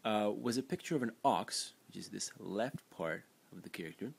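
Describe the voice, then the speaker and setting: Male teacher, very low voice, unscripted explainer with lots of "uh" and restarts. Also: lively intonation, normal speed, gravelly, slightly rough. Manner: explanatory, frequent fillers and restarts. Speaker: language teacher. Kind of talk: screen-recorded lesson narration.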